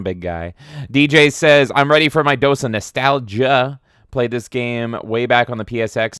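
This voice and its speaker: A man from Canada hosts a game livestream in a loose, profane, excitable ramble. His voice is smooth and clear, and the sound is dry and close with no room echo. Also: medium pitch. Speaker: game streamer host. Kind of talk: casual livestream chat.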